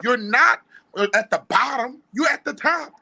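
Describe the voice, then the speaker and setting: A man's voice: extremely high pitch, lively intonation, moderate pace, vocal fry, sharp tone, breathy edge. A man with a New Orleans accent giving sports analysis on a podcast, arguing hard with a string of rhetorical questions. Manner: fired-up, argumentative, rhetorical questions. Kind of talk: casual sports podcast talk.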